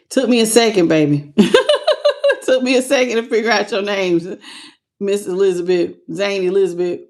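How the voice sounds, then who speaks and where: A woman giving a casual livestream tarot reading, chatting loosely and greeting viewers by name as "baby". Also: mid-range voice. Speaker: tarot reader.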